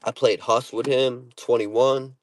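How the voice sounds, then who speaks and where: Slow and fairly even in intonation, this mid-range male voice belongs to a vlogger from the Boston area, Massachusetts, talking to camera in a parked car. He has a Boston accent and comes across brash and profane, heavy on street slang, often saying "you know what I'm saying."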